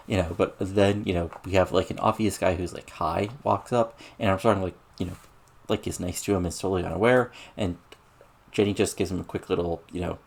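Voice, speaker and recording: Low, gravelly man narrating casually. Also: fairly even intonation, a little fast. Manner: rambling, filler-heavy, lists match ratings. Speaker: game streamer narrating a wrestling booking sim. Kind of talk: casual let's-play narration.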